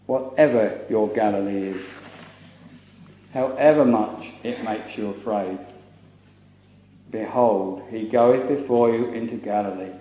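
A man's voice: on the low side, highs cut off. Man preaching a solemn sermon, echoey. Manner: solemn, measured preaching with King James quotations.

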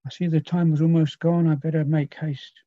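A man preaching in a high voice, slow and earnest, pausing over old scripture as he calls to his hearers. The sound is dull and lo-fi, dry with no room around it. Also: little pitch movement, warm tone, no room sound. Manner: slow, earnest, quoting archaic scripture with pauses. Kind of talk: sermon.

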